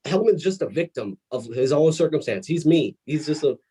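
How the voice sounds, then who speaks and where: Husky guy, wrestling student, explaining his gimmick, kinda eager. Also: fairly high pitch, animated, normal speed, dark tone. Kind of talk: casual conversation.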